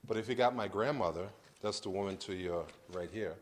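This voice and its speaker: A middle-aged man from Brooklyn, giving a lecture about his life in a conversational, halting way with frequent restarts. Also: fairly low pitch. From Brooklyn, New York. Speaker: guest lecturer. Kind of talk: personal storytelling lecture.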